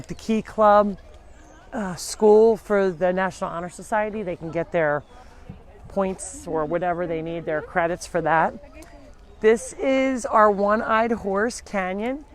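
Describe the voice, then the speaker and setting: A woman hosting a live farm sanctuary tour. She talks to viewers in a chatty, rambling way as she walks outdoors between the pens, recorded on a handheld mic. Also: medium pitch. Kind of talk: casual live-stream tour narration.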